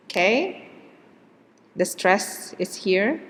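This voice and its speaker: Slow, careful woman teaching pronunciation. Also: mid-range voice, lively intonation, a bit bright, in a large hall. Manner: slow, drawn-out model words with hesitant fillers. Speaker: English teacher. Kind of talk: pronunciation lesson.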